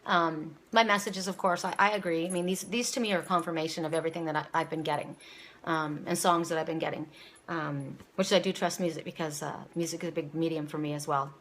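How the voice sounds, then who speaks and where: A woman's voice: low voice, steady tone, a little fast, fairly bright tone, a little hiss or hum. A woman giving a casual, rambling spoken oracle reading, repeating her words and near tears at times. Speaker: psychic reader. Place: home, seated.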